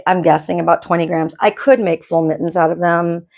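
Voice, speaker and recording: A woman's voice: on the low side, little pitch movement, fairly quick, vocal fry, a little mellow. A woman hosting a knitting podcast, chatting casually from her home dye studio in a rambling way, often restarting her sentences. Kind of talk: casual chat.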